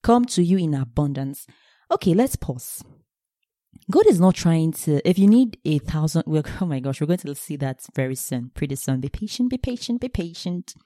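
A woman teaching a sermon on scripture, animated, asking her listeners questions and answering them herself. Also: sits low, normal speed, no echo, studio quality. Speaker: Bible teacher.

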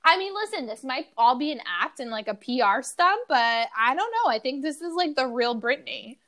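A woman's voice: high voice, lively intonation, normal speed, a bit bright. Chatty woman podcast co-host. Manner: chatty, many "like" fillers, laughs while telling stories. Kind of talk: casual chat.

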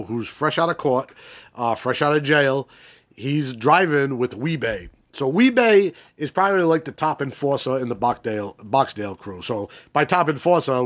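A man hosting a podcast, recapping a crime series in a rambling, profane, casual way with many restarts and fillers. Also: medium pitch. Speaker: podcast host.

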